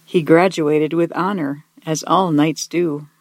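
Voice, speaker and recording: In a soft, mid-pitched voice, a gentle storyteller reads a children's picture book aloud. She takes her time, expressive throughout, slowing to linger on key words. The sound is dry and close, with no room echo.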